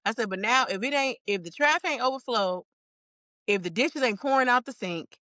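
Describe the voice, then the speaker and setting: A woman guest in a casual chat, candid and relaxed, laughing often and restarting her sentences. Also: on the high side, moderate pace, no echo.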